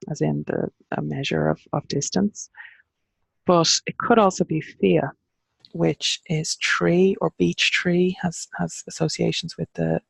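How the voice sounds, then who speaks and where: An Irish woman teaching an online class, explaining carefully and pausing over how words are pronounced. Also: sits low, gravelly, breathy edge, no echo. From Ireland.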